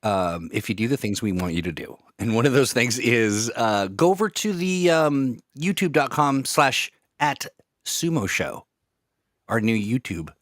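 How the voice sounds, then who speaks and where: A man's voice: medium pitch, expressive, measured pace, no echo, clean studio sound. A man co-hosting a casual podcast, goofy and rambling, joking along with his co-host over a remote call. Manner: goofy, laughs often, loose rambling talk.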